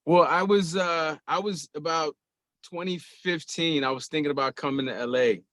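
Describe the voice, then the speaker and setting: A man with a fairly high voice recounts a memory over a video call. His sound is close and dry, with no room around it. He laughs often and trails off before starting again. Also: normal speed, fairly bright tone, no room sound. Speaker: guest sharing memories. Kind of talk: casual storytelling on a video call.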